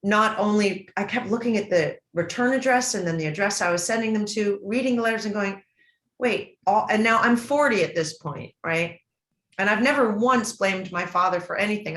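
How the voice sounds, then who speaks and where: A woman's voice: mid-range voice, fairly quick, a bit bright. A middle-aged woman telling a personal family story in an interview, earnest and emotional, often breaking off and restarting her sentences. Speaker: interview guest. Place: event stage or hall. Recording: roomy, echoey room.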